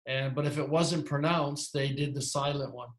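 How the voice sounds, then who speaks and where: A man's voice: mid-range voice, fairly even intonation, normal speed. Man teaching in an echoey room. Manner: rambling, self-correcting explanations. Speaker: Greek teacher. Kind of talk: lecturing in a class.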